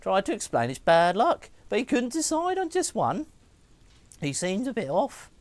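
A man's voice: high-pitched, huge pitch swings, moderate pace, no room sound, voice pushed up. A man voicing a worried florist reading out a note in a raised, wavering put-on voice. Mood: uneasy.

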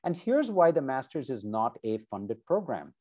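A man's voice: mid-range voice, normal speed. A man, a professor, giving informal advice about graduate school over a video call, chatty and conversational, often checking in with "right?" and "okay?". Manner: animated, conversational, many asides like "right?" and "okay?".

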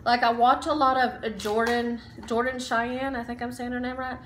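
A woman shows off her shopping in a relaxed, chatty vlog, full of ums and likes. Her voice sits a little high, and it echoes off the walls of a room at home with a faint hum behind it. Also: normal speed. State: out of breath while standing. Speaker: vlogger. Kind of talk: casual haul chat.

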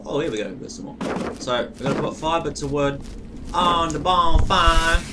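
A man hosting a let's play, cursing and reacting excitably as he plays. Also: fairly high pitch, normal speed, very noisy. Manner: profane, excitable running reactions. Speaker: gaming channel host. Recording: distant mic with loud game music. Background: game music.

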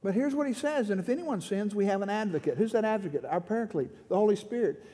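Fervent high-voiced male preacher in a hall. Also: lively intonation, fast talker, dark tone. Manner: impassioned, rising to fervent pleading in prayer. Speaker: pastor. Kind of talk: sermon. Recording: long hall reverb.

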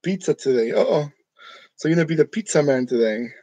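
Chatty joking man, fairly high voice. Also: lively intonation, fairly quick, warm tone, dry recording, poor audio. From New York. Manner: chatty and joking, laughs often. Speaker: channel host. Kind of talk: casual live chat with viewers. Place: room decorated for Halloween.

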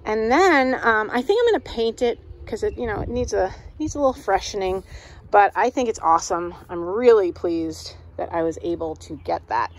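A woman's voice: medium pitch, expressive, normal speed. A middle-aged woman chatting casually on camera at home, showing off her thrifted decor finds with plenty of enthusiasm. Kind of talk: casual vlog show-and-tell. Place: at home, moving between rooms and outdoors.

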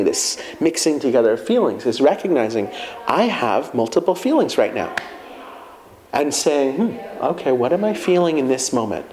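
A man's voice: on the high side, rough recording. A man in conversation, speaking reflectively about feelings and telling personal stories. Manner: reflective, storytelling, animated quoting of himself. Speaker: guest speaker. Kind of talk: conversational talk.

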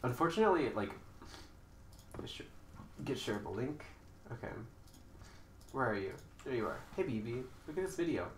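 A man streaming a game from a couch, chatting and taunting opponents with sudden loud outbursts. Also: mid-range voice, sing-song, normal speed, pauses often, reverberant, very noisy. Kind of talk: live gameplay chat. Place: indoors on a couch while house sitting.

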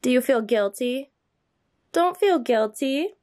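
A young woman vlogger telling a story in a chatty, animated way, now and then talking to her dog. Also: high voice, slow. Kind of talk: casual storytelling vlog.

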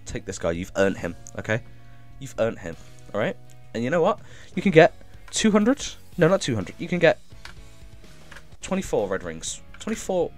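Faint music plays behind a medium-pitched man speaking at normal speed as he live-streams a game. Full of excitable energy, he reads out chat and thanks viewers, coughing occasionally as if unwell.

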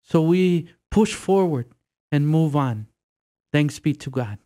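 A male priest speaks to his prayer group in an earnest, encouraging way. His pace is slow and his voice sits a little high. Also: expressive, warm tone.

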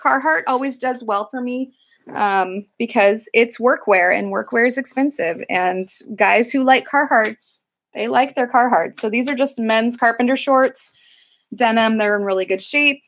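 A woman's voice: a little high, measured pace, a bit bright. A woman chatting casually through a thrift haul video, rambling with lots of fillers and restarts. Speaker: thrift reseller vlogger.

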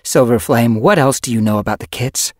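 A man's voice: medium pitch, fairly quick, darkish tone, no echo, studio quality, voice pushed up, close to an everyday voice. A man voicing an anguished she-cat medicine cat. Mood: demanding. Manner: snarling, distraught, pleading. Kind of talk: audiobook character voice.

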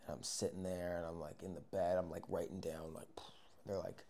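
A young man telling a casual, rambling story, acting out moments with yells and whispers. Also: deep voice, level tone, a little fast. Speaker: vlogger.

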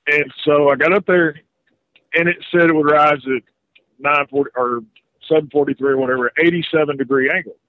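A man's voice: fairly high pitch, steady tone, fairly quick. A man from North Carolina calling into a radio show, telling a rambling story with many hesitations. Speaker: caller. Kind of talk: phone call-in conversation. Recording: tinny dry phone line.

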